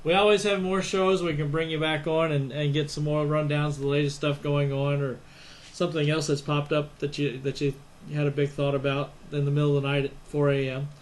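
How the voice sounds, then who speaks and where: A man's voice: fairly high pitch, level tone, brisk, slight background noise. A man hosting a racing talk show, chatting and bantering in an easygoing way with a guest. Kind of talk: casual chat.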